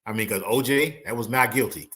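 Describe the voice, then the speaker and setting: A man in a relaxed legal chat, bright and ringing in tone. He breaks down a case with slang and dramatized quotes from the courtroom, mid-range in pitch. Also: fairly quick. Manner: animated, acts out courtroom quotes, slangy asides. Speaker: criminal and appellate attorney, guest. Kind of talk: casual legal analysis chat.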